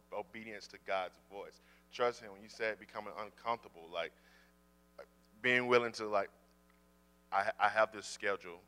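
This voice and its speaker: A man in full-time ministry tells a personal faith story in a casual, animated way, often repeating words. His voice is lowish and smooth.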